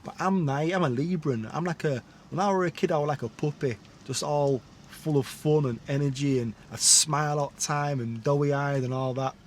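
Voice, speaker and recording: Man, slightly high voice, blunt rambling storytelling, faint background hiss. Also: normal speed, few pauses. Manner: candid, rambling, blunt, with dialect "were" and tag questions. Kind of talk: personal storytelling monologue.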